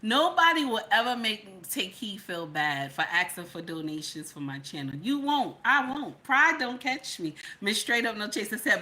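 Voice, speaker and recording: A middle-aged woman hosts a commentary channel, preaching to viewers and repeating her points, going from loud to hushed. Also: mid-range voice, very animated, moderate pace, hardly any pauses.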